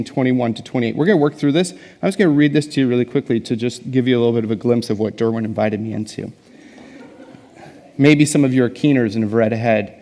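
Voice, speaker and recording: A man's voice: medium pitch, fast talker, darkish tone. A young adult man giving a casual, self-deprecating guest sermon, chatty and full of fillers and jokes. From Canada. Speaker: guest pastor. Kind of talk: conversational sermon. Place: large church hall. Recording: reverberant church hall.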